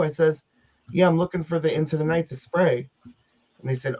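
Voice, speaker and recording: A man's voice: fairly high pitch, brisk, a little mellow. A man co-hosting a casual chat, telling a story in a giggly, exaggerated way. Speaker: co-host. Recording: dull lo-fi sound.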